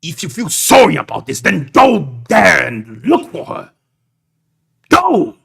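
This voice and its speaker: A big stern Vistani chief, played by a man who booms his scolding slowly. His voice is gravelly and husky, with a higher, strained push. He is a tabletop-game figure. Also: wildly swooping pitch, fairly bright tone, full character voice. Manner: booming scolding. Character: big burly Vistani leader, stern and worried.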